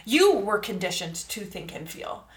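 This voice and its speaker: Earnest woman coaching in an echoey room. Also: medium pitch. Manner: calm, earnest, coaching tone with frequent "all right?" check-ins; slow, drawn-out emphasis on key words. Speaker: podcast host. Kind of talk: reflective self-help monologue.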